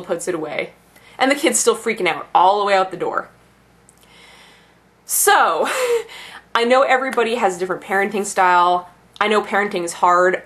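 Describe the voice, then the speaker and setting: A woman's voice: medium pitch, a bit bright. A young adult woman ranting casually about her bookstore job, swearing freely and laughing at her own asides. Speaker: bookstore employee.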